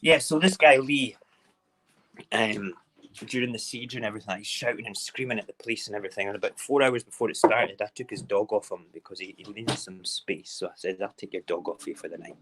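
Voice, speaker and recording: A man's voice: fairly low pitch, a little fast, fairly bright tone, slight background noise. A man hosting a casual morning live stream, chatting loosely to viewers and rambling through stories while making breakfast.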